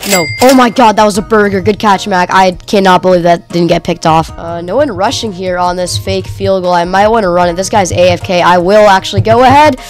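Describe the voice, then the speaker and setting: A woman giving casual, excitable gameplay commentary, cheering and shouting at plays with a slightly strained voice. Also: medium pitch, fairly quick, few pauses, faint music behind. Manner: casual slang. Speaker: gaming channel host.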